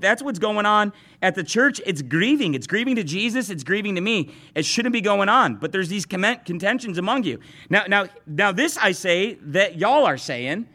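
Guy pastor with a high voice preaching to the church, keeps restarting his words, talks right at the crowd. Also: sharp tone. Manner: earnest preaching, frequent restarts and repeated words; addresses the congregation directly. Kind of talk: sermon.

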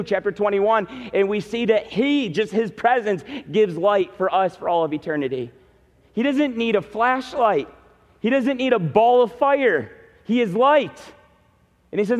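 A male pastor preaching a sermon with emphasis, explaining scripture verse by verse. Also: high-pitched. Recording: long hall reverb, dull lo-fi sound.

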